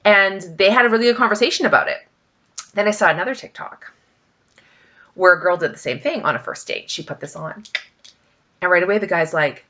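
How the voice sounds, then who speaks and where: Woman vlogger, bright voice, chatty storytelling, emphatic asides. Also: medium pitch, expressive, normal speed, pauses often. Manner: chatty storytelling, many fillers. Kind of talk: casual vlog chat.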